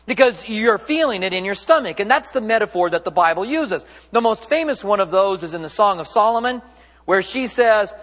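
High-voiced man preaching in a reverberant church. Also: lively intonation, a little fast, a bit bright. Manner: conversational, joking preaching with self-corrections. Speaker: pastor. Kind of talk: sermon.

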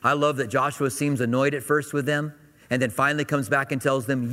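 A man's voice: medium pitch, steady tone, fairly quick, bright, forceful tone. A man preaching a sermon, teaching from the Bible in a conversational, folksy way to his congregation. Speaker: pastor. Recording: long hall reverb.

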